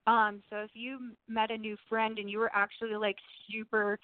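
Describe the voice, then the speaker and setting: A woman's voice: a little high, level tone, normal speed, no echo. Chatty woman on a tinny call line. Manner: chatty, earnest, with frequent "like" and restarts. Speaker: guest medium. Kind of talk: casual chat.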